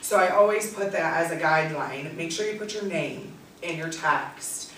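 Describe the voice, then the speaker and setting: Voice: medium pitch, moderate pace, fairly bright tone. Workshop presenter, direct and practical, mid-range voice; roomy, distant classroom recording. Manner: practical, direct, many ums. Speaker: tutor and SI leader presenting. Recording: echoey room, distant mic, faint noise.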